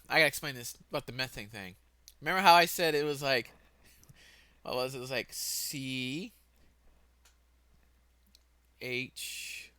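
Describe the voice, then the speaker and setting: Slow, bright-voiced man rambling through a lesson. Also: medium pitch, no room sound. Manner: casual, self-correcting, laughs at own mistakes, sudden loud outbursts. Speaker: lesson presenter. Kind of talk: rambling self-made lesson.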